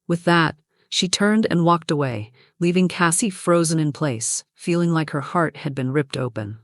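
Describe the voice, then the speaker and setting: A narrator reading a romance story in an even, steady way. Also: medium pitch, moderate pace, dry recording, clean studio sound.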